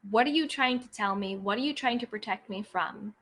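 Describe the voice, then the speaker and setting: A woman with a bright, clear voice gives motivational self-help advice. She speaks calmly and earnestly, and she repeats short guiding phrases as she coaches her listeners. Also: mid-range voice, brisk, a little hiss or hum.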